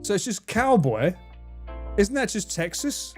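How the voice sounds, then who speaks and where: Man, streamer, casual chat, slightly high voice, laughs and swears a lot. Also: sing-song, a little slow, music in the background. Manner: chatty, laughing, swears freely.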